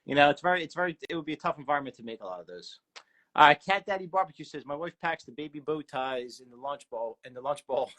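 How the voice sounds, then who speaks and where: A man's voice: on the high side, expressive, a bit bright. A man, hosting a casual interview and reading out viewer questions in an agreeable, chatty way. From South Philadelphia. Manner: chatty, agreeable, quick to chime in. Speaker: host.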